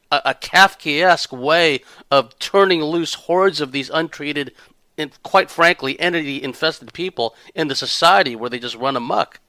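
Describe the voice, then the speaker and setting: Bright-voiced man hosting an interview. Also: fairly high pitch, dry recording. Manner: thoughtful commentary with fillers. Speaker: interviewer host. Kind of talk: casual interview talk.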